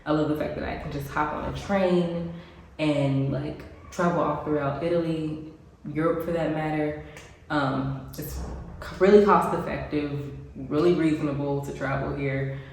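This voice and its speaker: A woman's voice: low voice, steady tone, moderate pace, a little mellow. An American woman vlogging casually to camera, chatty with frequent ums and little laughs, sounding congested. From United States. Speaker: expat vlogger. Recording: very echoey room, faint background noise.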